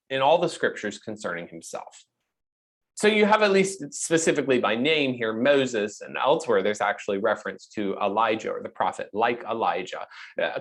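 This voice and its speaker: A man delivering an expository sermon with a lively, swinging pitch. He drives his points home by repeating key phrases. When he quotes scripture, he slows down and gives the lines deliberate inflection. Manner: emphatic, repeats key phrases with rising stress; reads scripture quotes slowly with added inflection. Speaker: preacher.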